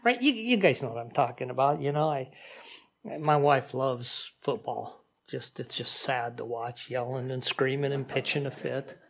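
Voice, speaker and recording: A man preaching a sermon in a conversational, animated way, with frequent asides to the congregation. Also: mid-range voice, normal speed, creaky. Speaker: pastor.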